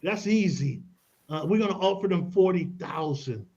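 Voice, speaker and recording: Male radio guest expert with a high-pitched voice; pushy, persuasive delivery peppered with slang, heard on a muffled broadcast. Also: normal speed, a little mellow, husky. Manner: emphatic, persuasive, casual slang. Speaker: credit and tax expert guest. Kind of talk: radio talk show guest explaining. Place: radio studio.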